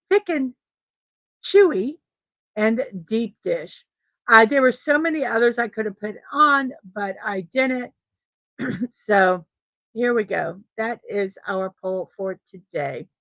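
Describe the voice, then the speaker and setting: A woman's voice: fairly high pitch, a bit bright, no echo, low-quality recording. A woman hosting a casual daily morning livestream from home, chatty and easily distracted, greeting chatters one by one. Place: room at home with a fan running.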